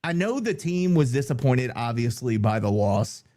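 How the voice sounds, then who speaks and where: A man's voice: medium pitch, sing-song, moderate pace, dark tone. Chatty Cajun-accented man. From Louisiana. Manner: loose and chatty, jokey asides. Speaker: podcast host. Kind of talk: casual sports talk.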